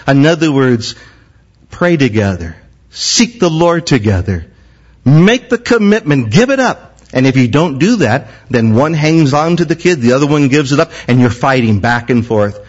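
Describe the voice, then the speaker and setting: Man, pastor, sermon, husky, lively swooping pitch, muffled recording. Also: normal speed. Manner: impassioned, repetitive preaching cadence. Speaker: senior pastor.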